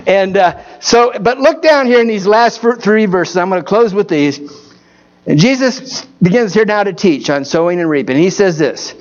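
A man's voice: high voice, expressive, normal speed, highs cut off. A man preaching a folksy Baptist sermon, telling stories and repeatedly asking his congregation for an amen.

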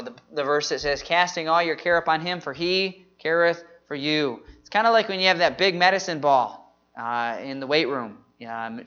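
Bible class leader, energetic, call-and-response memory drill, bright tense tone, muffled lo-fi sound. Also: mid-range voice. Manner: energetic, peppered with "man". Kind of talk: leading a group Bible memory lesson.

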